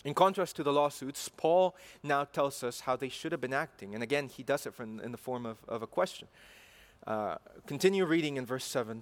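Earnest male preacher, slightly high voice. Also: expressive, moderate pace. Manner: earnest, rising to emphatic passion, with repeated phrases. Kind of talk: sermon.

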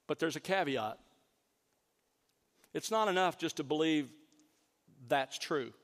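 Earnest preaching man, slightly high voice. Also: lively intonation, long reverb tail. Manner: earnest preaching, stresses key words slowly. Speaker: pastor. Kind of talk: sermon.

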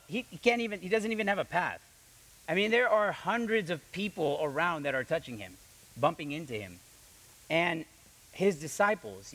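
A young man preaching a sermon with animated delivery, reading scripture and acting out the quoted voices, often repeating his words. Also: on the high side, poor audio. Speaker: pastor.

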